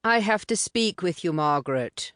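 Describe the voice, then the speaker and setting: A woman's voice: on the low side, expressive, normal speed, fairly bright tone, no room sound, clean studio sound, voice pushed up. A woman voicing a hoity-toity young man with an English private school accent, pressing urgently in an audiobook.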